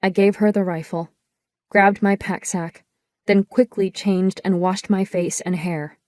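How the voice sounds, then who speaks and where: A woman narrates a first-person audiobook in a measured, descriptive way. Her voice is mid-pitched for a woman and sounds close and dry on a studio mic, with no room echo. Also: steady tone, a little mellow.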